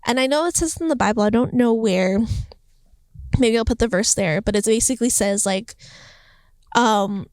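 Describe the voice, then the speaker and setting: A young woman talking about her faith in a casual vlog, chatty and animated, filling her sentences with "like" and acting out what was said. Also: a little high, normal speed, pauses often, no echo. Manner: chatty, heavy use of "like", animated quoting. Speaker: faith vlogger. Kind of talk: casual devotional vlog monologue. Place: indoors, Los Angeles home. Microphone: phone or camera mic.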